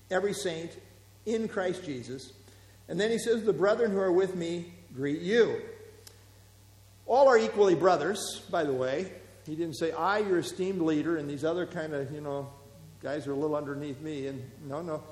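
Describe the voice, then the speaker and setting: A man preaching as a pastor, teaching verse by verse in a relaxed, conversational way with fillers and asides. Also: fairly high pitch. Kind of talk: expository Bible teaching. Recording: echoey hall.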